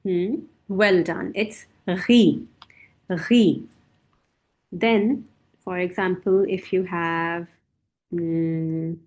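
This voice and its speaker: A woman teaching a beginner French lesson, speaking slowly and patiently and repeating each word for her students to drill. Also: fairly low pitch, a little mellow.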